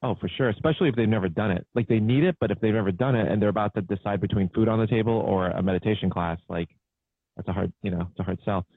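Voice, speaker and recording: Low, husky man on a tinny call. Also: quick pace, no echo. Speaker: entrepreneur guest. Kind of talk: casual conversational interview.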